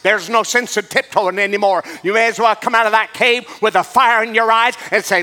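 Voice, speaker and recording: A man preaching a sermon as pastor, impassioned and building up to shouts. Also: sits high, fairly even intonation, brisk, few pauses.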